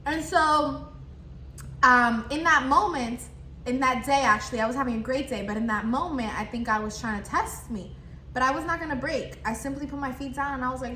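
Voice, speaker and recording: A young woman vlogger telling a storytime while eating, animated and chatty, talking between bites. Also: high-pitched, brisk. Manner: animated, talks while chewing, acts out the customer exchange. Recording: echoey room, faint background noise.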